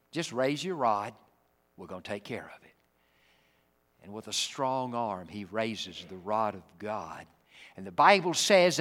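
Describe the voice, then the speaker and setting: A man's voice: medium pitch, big pitch swings, a little slow. Dramatic preacher man in an echoey hall. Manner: dramatic, acts out the Bible figures, swings from loud to hushed. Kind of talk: sermon.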